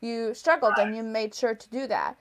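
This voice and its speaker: A woman's voice: on the high side, fairly even intonation, normal speed. A woman hosting an interview, asking curious, chatty questions. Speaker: interview host.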